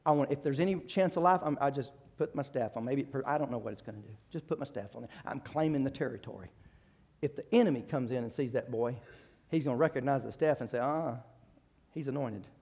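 A man preaching a sermon, retelling a story with acted quotes and frequent restarts, moving from loud rising exhortation to quiet conversational asides. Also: mid-range voice, quick pace, breathy edge.

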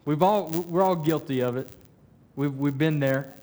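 A man's voice: a little high, measured pace, mellow. A middle-aged man preaching a sermon as pastor, conversational with frequent stammered restarts.

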